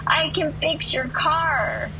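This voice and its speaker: A woman's voice: high voice, fairly even intonation, takes it slowly, background noise, voice pushed up. A woman putting on a pushy street car-fixer guy. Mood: insistent.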